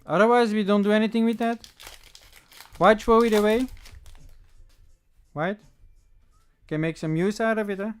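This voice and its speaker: A chatty livestream host opening card packs and talking straight to the viewers. The voice is smooth and clean, pitched in a middling range. Talks loosely, thinks aloud and corrects itself mid-sentence. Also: normal speed, long pauses. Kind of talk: casual livestream chat while opening packs.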